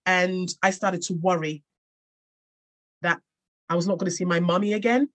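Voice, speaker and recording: Speaking at a moderate pace in a steady, lowish voice with a fairly bright tone, this English woman recounts her personal story as a guest on a podcast. She's an author, and her reflective, earnest telling includes frequent restarts.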